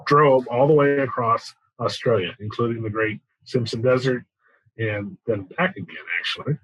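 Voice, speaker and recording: A man in casual podcast chat, affable and joking, agreeing often with quick yeahs. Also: medium pitch, no echo, dull audio.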